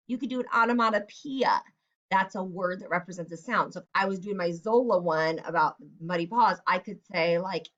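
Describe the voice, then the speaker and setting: A woman's voice: mid-range voice, a little fast, fairly bright tone, muffled recording. Woman teacher guiding kids step by step. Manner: step-by-step, encouraging, acts out example lines. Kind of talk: recorded writing lesson for kids.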